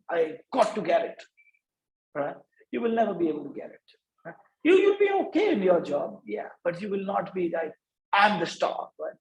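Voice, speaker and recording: A man's voice: high-pitched, darkish tone, reverberant, low-quality recording. A man from India giving a lecture at a business workshop, stopping after nearly every point to ask "right?". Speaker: workshop speaker. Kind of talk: lecture to students.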